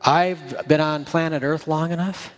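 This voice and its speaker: Middle-aged male pastor, folksy sermon delivery with joking asides, slightly higher voice. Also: fairly even intonation, unhurried, in a large hall.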